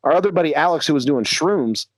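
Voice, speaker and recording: A man's voice: fairly high pitch, expressive, fast talker, dry recording. A young man, a podcast co-host, casually telling a crude story with lots of laughter, acting out his friends' lines.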